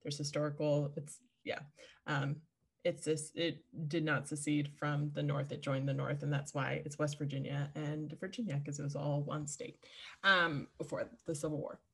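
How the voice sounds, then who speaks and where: A woman co-hosting a podcast in casual chat, talkative and animated, with quick asides. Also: low voice, gravelly, husky. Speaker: podcast co-host.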